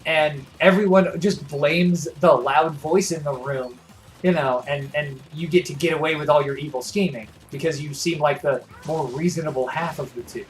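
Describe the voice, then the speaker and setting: A man's voice: on the high side, moderate pace, soft background music. A man co-hosting a gaming livestream, chatting casually in an enthusiastic, rambling way that often corrects itself. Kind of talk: casual chat.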